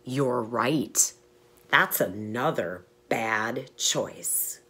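Low, husky woman teaching small children. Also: animated, bright, forceful tone. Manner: asks the children questions and pauses for answers. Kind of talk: storytelling lesson for young children.

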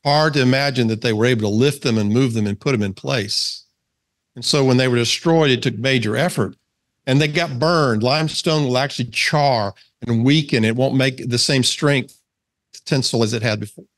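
A man's voice: mid-range voice, normal speed. A man with a Southern American accent teaching a men's Bible study in a casual, conversational way, asking his listeners questions and reading scripture aloud. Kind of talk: casual sermon to a men's group.

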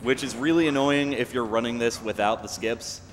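A young man casually explaining his own speedrun as he plays, relaxed and full of fillers. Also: medium pitch, normal speed, soft background music. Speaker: speedrunner commentating his run. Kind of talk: casual live commentary. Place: event venue. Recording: long hall reverb, faint background noise.

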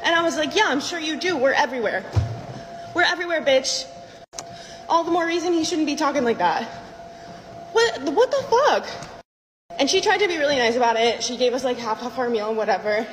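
A woman's voice: sits high, animated, racing, hardly any pauses, soft background music. Indignant young woman ranting, echoey room. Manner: indignant, rants in disbelief. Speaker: storyteller in a played clip. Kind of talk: casual storytime. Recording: echoey room with faint background noise.

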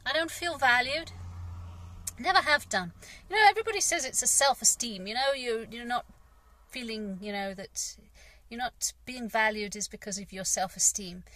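A woman's voice: a little high, bright, forceful tone, dry recording. A middle-aged English woman and gardener, talking in a frank, rambling personal vlog with sighs and the odd swear word. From England. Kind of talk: casual personal vlog monologue.

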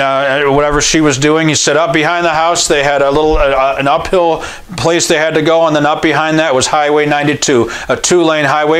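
An American man preaching a sermon, telling a story and acting out the voices in it, calling out questions for the congregation to answer. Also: fairly high pitch. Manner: storytelling preacher who acts out quoted voices and rises to near-shouts. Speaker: pastor.

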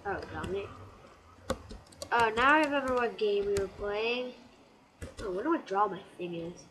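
A woman's voice: medium pitch, expressive, normal speed, noisy background. A woman giving casual let's-play commentary, chatty and bursting into frustrated shrieks. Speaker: gameplay commentator. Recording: loud keyboard clatter. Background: keyboard typing clicks.

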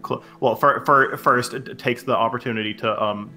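A man playing a tabletop game, describing his character's actions in halting, filler-heavy speech. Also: mid-range voice, fairly even intonation, bright, forceful tone, faint music behind. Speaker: player. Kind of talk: casual tabletop play.

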